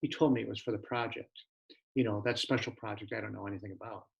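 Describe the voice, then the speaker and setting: A man's voice: fairly low pitch, steady tone, fast talker, gravelly, lo-fi sound. A man reading as a blunt, sarcastic businessman. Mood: irritated. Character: irritated adult male real-estate partner.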